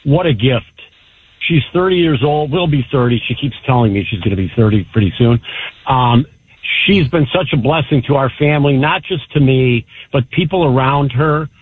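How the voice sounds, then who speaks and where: A man's voice: medium pitch, normal speed. A middle-aged man calling a radio show, eager and heartfelt. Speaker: caller. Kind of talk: call-in radio talk. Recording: tinny phone line, faint noise.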